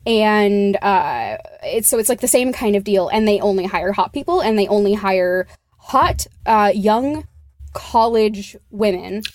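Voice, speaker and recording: A woman's voice: medium pitch, lively intonation, a little slow, no echo, clean studio sound. A woman from Arizona co-hosting a casual podcast chat, rambling with many fillers and restarts. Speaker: podcast co-host.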